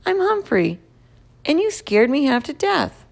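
A woman voicing a small, cheerful male pet hamster in a storybook reading, with a high, squeaky, pleading manner. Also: very animated, measured pace, vocal fry, heavily acted. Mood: startled.

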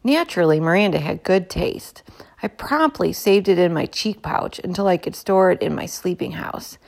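A woman reading a children's chapter book aloud in a gentle, expressive way. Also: on the low side, normal speed, creaky. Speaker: storybook reader.

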